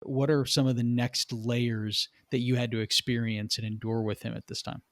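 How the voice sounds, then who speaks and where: A podcast host asking interview questions and reading an ad in an even, scripted way. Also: medium pitch, normal speed.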